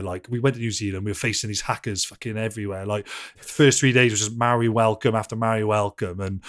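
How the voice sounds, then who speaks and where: Man telling swear-laced stories. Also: lowish voice. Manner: animated, swears freely, laughs through his stories. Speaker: podcast guest. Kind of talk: casual anecdotal storytelling.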